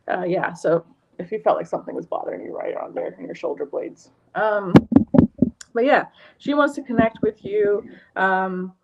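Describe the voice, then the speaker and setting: A woman's voice: lowish voice, darkish tone. Rambling woman giving a spiritual reading. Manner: rambling, many fillers and restarts. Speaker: energy healer and tarot reader. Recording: lo-fi muffled stream audio.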